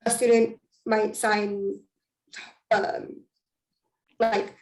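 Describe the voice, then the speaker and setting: A woman's voice: medium pitch, little pitch movement, very slow, darkish tone. A woman teaching sign language, patiently explaining how signs are used. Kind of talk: explaining in an online class. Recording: roomy, distant from the mic.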